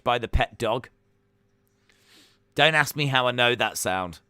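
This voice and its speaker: On a live reaction stream, this man jokes around casually with many "uh" pauses. His mid-range, expressive voice sounds very bright, crisp and forward, and the recording is close and completely dry.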